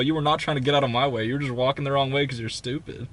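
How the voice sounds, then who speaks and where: A man's voice: mid-range voice, very fast, hardly any pauses. Young man telling a story on a podcast. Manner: animated, quotes people in raised voices. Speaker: podcast co-host. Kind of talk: casual storytelling chat.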